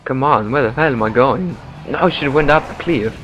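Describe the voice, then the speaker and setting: A man's voice: medium pitch, a little fast, a bit bright. A man hosting casual gameplay commentary, joking and blurting out reactions and swears as he drives. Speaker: gaming channel host. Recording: dull, lo-fi mic over game music. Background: game music.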